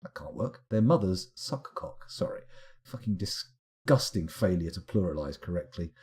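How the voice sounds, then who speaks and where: A man giving live, rambling let's-play commentary, animated and self-mocking as he chats and wanders off on tangents. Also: low-pitched, normal speed. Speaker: streamer playing a management game.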